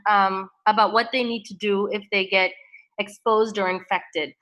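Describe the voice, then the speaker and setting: A woman's voice: mid-range voice, fairly bright tone, low-quality recording. Polite woman moderating questions. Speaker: program host, moderator.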